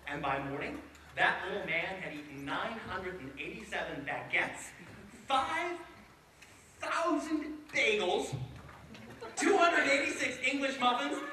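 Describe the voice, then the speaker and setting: A playful male storyteller performing a folk tale, full of animated asides. His voice is very high, bright and lively. He is heard from afar in an echoey room with faint noise behind him. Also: far from the mic. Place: indoor room with a live audience.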